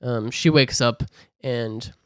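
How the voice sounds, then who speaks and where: Man recapping a film, animated, mid pitch, dry close recording. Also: smooth, no echo. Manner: animated, acts out characters in quick voices. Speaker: podcast co-host. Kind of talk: casual movie recap chat.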